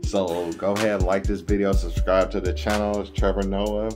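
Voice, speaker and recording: A man's voice: sits low, flat delivery, normal speed, music in the background. A man hosting a reaction video, talking in a laid-back, slangy way with some swearing. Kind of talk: casual reaction commentary.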